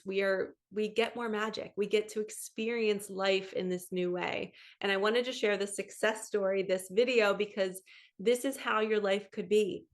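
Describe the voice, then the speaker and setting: Chatty woman telling an earnest story. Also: mid-range voice. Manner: earnest, chatty storytelling that acts out quoted voices. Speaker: spiritual coach and psychic medium. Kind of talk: casual monologue to camera.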